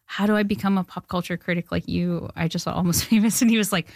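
A woman's voice: on the low side, fairly even intonation, fast, a little mellow, no echo. Woman in her 30s, chatty, laughs a lot, says like constantly, dead dry mic. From Canada. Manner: chatty, laughs often, lots of "like" fillers. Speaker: filmmaker guest. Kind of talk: casual interview chat.

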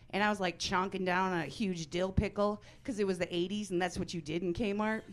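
A woman in her forties does a stand-up set in a club, brash and deadpan, with a medium-pitched voice. She acts out the people she quotes.

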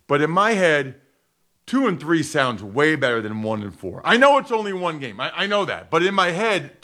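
A man's voice: on the high side, fairly bright tone. A man giving emphatic, conversational football analysis on a radio sports show.

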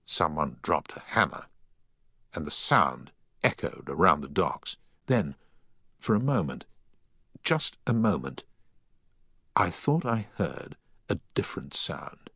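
A man reading a story aloud in the first person, with a deep but bright, forward tone. His pitch moves expressively through the sentences, recorded close and dry. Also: sing-song, takes it slowly, creaky, long pauses, husky, no echo. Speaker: narrator. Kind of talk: audiobook narration.

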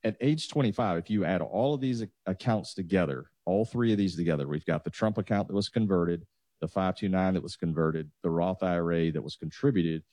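A man's voice: low voice, brisk, mellow, no echo. A man, a financial advisor patiently walking listeners through numbers on a talk show. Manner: explanatory, walks through numbers step by step.

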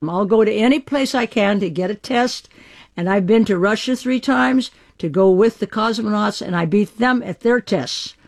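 A woman's voice: medium pitch, moderate pace, gravelly. Woman in her eighties, american, archived radio interview, emphatic, spirited. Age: 80s.

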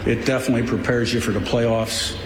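A male football coach speaks bluntly and boastfully at a media event. The sound is roomy with a long hall reverb and clear background noise. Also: medium pitch, little pitch movement, a little fast. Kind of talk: press conference remarks.

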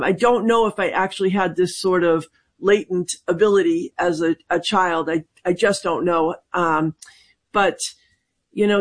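A woman working as a medium, a guest on a call-in radio show, speaking thoughtfully and hesitantly with many fillers and restarts. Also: fairly low pitch.

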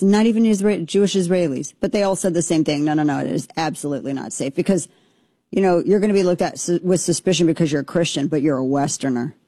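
A woman's voice: fairly low pitch, mellow, no echo. A woman hosting a show, giving opinionated commentary in an impassioned, emphatic way that rambles with restarts.

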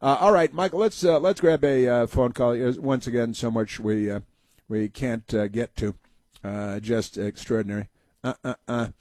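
A male talk radio host riffing in a sarcastic, mocking tone, halting often with filler "uh"s. His voice sits at an ordinary middle pitch. The studio sound is close and dry, with no room echo. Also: a little mellow. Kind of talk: opinion talk radio monologue.

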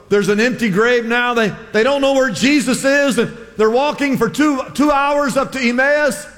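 Man preaching, high voice, lively storytelling, long church-hall reverb. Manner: animated storytelling with voiced quotes and humor. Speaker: pastor. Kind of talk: sermon.

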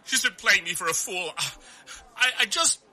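A man's voice: high-pitched, expressive, moderate pace, pushed and bright, full character voice. An actor playing a nervous, stammering husband who learned his wife is cheating. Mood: distraught. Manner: stammering, hesitant. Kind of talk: audio drama acting.

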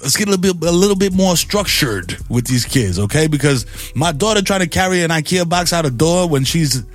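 A middle-aged man hosting a morning radio show, riffing in an animated, playfully preachy way. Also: on the high side, fairly quick, soft background music.

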